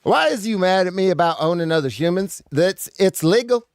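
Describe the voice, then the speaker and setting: A man's voice: high voice, expressive, a little fast, smooth, dry recording, clean studio sound, voice pushed up. A man putting on a smug, indignant character who insists everything he does is legal, in a mocking, exaggerated tone.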